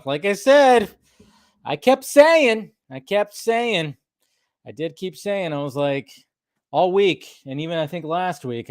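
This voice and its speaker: A man's voice: sits high, darkish tone, no echo, clean studio sound. Rambling man hosting a casual stream. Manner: loose and rambling, greets chat viewers by name. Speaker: host of a live drinking stream. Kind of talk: casual live-stream chat. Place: home room with a pub table.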